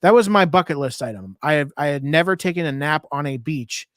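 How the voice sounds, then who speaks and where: A man's voice: on the high side, lively intonation, brisk, fairly bright tone, no echo, clean studio sound. A man co-hosting a podcast, chatting casually and telling easygoing travel stories. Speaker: podcast co-host.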